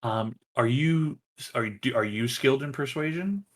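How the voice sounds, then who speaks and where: A man's voice: mid-range voice, normal speed. A man narrating as game master of a tabletop role-playing game, in a casual way full of fillers.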